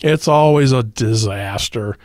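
A man's voice: mid-range voice, a little slow, darkish tone, dry recording, clean studio sound. A man, a pastor guest on a radio talk show, explaining doctrine in a teacherly way and quoting scripture. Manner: teacherly, quotes scripture, occasional fillers.

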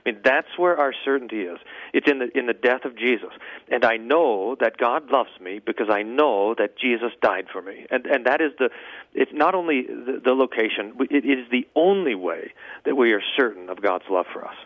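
A man's voice: medium pitch, expressive, normal speed, no room sound. A man preaching earnestly in a sermon clip played on a radio show. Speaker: pastor. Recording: tinny phone-like radio audio.

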